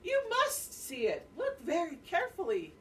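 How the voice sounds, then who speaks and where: A woman's voice: very high-pitched, huge pitch swings, moderate pace, slight background noise, pitched above the performer's own voice, heavily acted. A woman voicing Ananasi, a hot-tempered spider trickster. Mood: angry. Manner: demanding, insistent, shouting when crossed. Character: lazy greedy male spider trickster, quick to anger. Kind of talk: read-aloud storybook voice. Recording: distant mic, faint classroom ambience.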